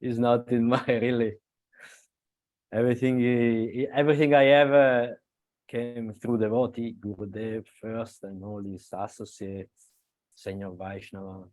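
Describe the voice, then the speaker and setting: A man from Italy with an Italian accent, speaking earnestly at a devotional gathering, halting and laughing a little as he restarts. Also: medium pitch, flat delivery, darkish tone, no echo. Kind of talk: devotional talk on a video call.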